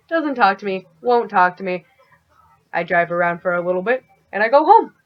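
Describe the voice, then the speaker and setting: A woman's voice: medium pitch, a little fast, highs cut off. A woman in her twenties telling a story in a casual, chatty vlog, peppering her speech with "like". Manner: chatty, animated, heavy use of "like". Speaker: vlogger.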